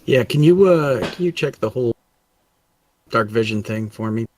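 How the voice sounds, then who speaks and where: A man playing a tabletop game, talking casually in a laid-back, halting way. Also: mid-range voice, expressive, a little mellow, no room sound. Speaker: player.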